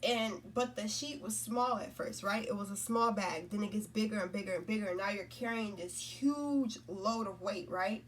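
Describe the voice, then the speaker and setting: A spiritual content creator gives a casual, rambling spiritual talk, repeating herself and often checking in with "right?" and "you know?". Her mid-range voice moves at a normal speed with few pauses. She's far from the mic, with a little hiss or hum.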